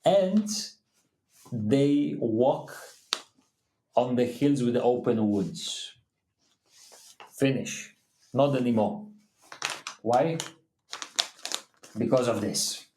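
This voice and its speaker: A man co-hosting a casual livestream, talking in halting, non-native phrasing with many restarts. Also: medium pitch, expressive, warm tone, a little hiss or hum. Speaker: co-host of a livestream. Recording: echoey room.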